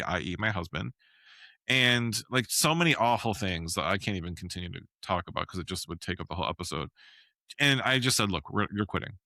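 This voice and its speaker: A man's voice: fairly low pitch, sharp tone, dry recording. A man co-hosting a podcast, talking bluntly and with indignation, swearing freely in casual conversation. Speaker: podcast co-host. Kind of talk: casual chat.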